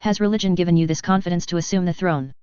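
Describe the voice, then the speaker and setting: A woman's voice: fairly low pitch, quick pace, darkish tone, smooth, no room sound, lo-fi sound, lightly acted. A woman voicing a smug, mocking young nobleman in a fan fiction reading, her tone smirking and taunting.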